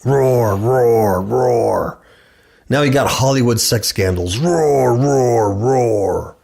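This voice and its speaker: A man's voice: mid-range voice, very slow, gravelly, mellow, slightly rough. A man preaching and reading scripture aloud, emphatic and repeating words for effect. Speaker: preacher hosting a religious talk show.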